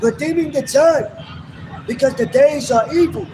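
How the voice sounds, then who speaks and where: A man's voice: very high voice, moderate pace, a crowd in the background. A man reading Bible verses aloud in a raised, formal cadence on a street. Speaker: scripture reader. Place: outdoors on a city street. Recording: noisy street, voice off-mic. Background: traffic noise.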